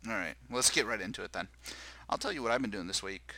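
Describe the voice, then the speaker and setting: A man's voice: lowish voice, lively intonation, fast, crowd noise, poor audio. A man hosting a podcast in casual banter, joking and self-deprecating as he rambles through his week. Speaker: podcast host.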